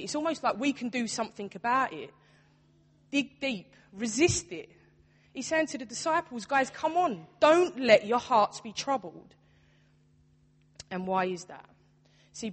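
A young adult woman, a church youth worker, preaching a sermon in an earnest, conversational way. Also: mid-range voice. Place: church hall. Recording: long hall reverb.

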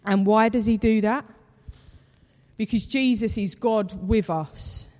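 A preacher delivers a sermon in a warm storytelling manner. The voice sits in a middle register. A long reverb from a large hall trails each phrase. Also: mid-range voice, takes it slowly. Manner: conversational storytelling, acts out quoted voices.

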